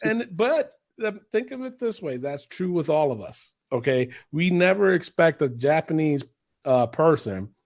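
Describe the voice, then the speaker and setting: Man, high voice, gravelly fry, rambling casual podcast chat, swears, laughs. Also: lively intonation, a little slow, darkish tone. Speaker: podcast co-host.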